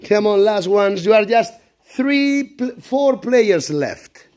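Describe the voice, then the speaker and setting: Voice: medium pitch, animated, slow pace, a little mellow. A primary school teacher running an animal-word game in a classroom, praising and directing the children. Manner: encouraging, praising each child.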